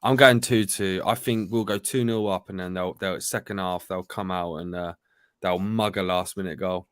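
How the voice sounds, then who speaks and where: Low-voiced man in a dry room. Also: normal speed, clear, resonant tone, no echo. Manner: excitable, swears, London slang. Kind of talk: casual football chat.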